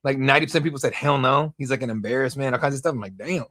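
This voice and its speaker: A young man hosting a live fight watch-along stream, rambling, excitable and profane in casual commentary. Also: mid-range voice, racing. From United States.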